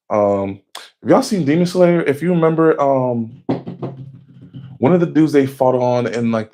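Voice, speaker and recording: A man casually recapping anime episodes in a slangy, excitable way, swearing freely and jumping up in pitch when he gets worked up. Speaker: anime reaction vlogger.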